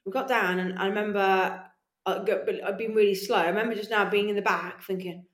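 A woman guest on a podcast, telling animated stories in casual chat, swearing freely and acting out her own voice. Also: medium pitch, fairly quick. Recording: echoey room.

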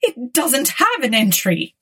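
A woman voicing a flustered, indignant young man in an audiobook, with excitable high-pitched outbursts. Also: slow, husky, exaggerated voice. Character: flustered, indignant young Englishman, easily panicked.

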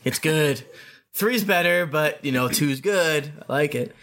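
A man chatting at a tabletop game session with a bright tone. He jokes and swears offhandedly with his friends. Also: a little high, unhurried. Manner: joking, swears freely, offhand. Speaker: player. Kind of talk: casual banter during a tabletop game.

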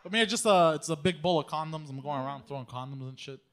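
Stammering, slightly high-voiced man. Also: fast talker, a bit bright, a little hiss or hum. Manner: hesitant, stammering, laughs it off. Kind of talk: casual chat.

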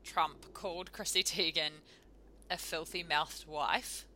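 Young New woman, podcast co-host, sarcastic storyteller, bright tone, slightly low pitch. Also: steady tone, slow pace, slight background noise. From New Zealand. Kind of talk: casual chat.

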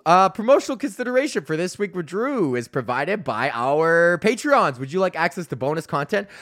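This comedian hosts a podcast and wanders through a foul-mouthed anecdote in relaxed conversation. He's a man in his thirties from Canada, pitched fairly high with a fairly bright tone.

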